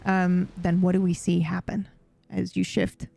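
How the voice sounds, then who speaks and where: Gravelly-voiced woman game master. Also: lowish voice, unhurried. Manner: animated, laughs often, swears casually. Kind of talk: running a live-streamed tabletop game.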